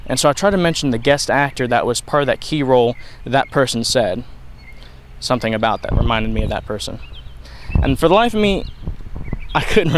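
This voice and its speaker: A man's voice: mid-range voice, a little hiss or hum, rough recording. A young man explaining ideas in an unscripted video lesson, rambling with frequent restarts and fillers. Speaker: video lecturer.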